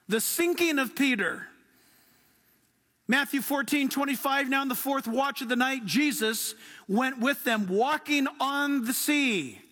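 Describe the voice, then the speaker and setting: Man preaching, really high voice, drawn out and emphatic, long echo like a big church. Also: measured pace, bright, forceful tone. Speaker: pastor. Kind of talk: sermon. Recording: long hall reverb.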